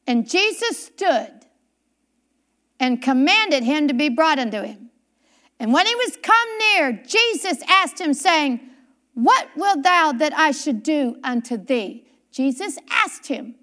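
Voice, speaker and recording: High, lively woman preaching a sermon. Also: slow. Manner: reads scripture aloud and repeats key phrases for emphasis; questions the congregation directly.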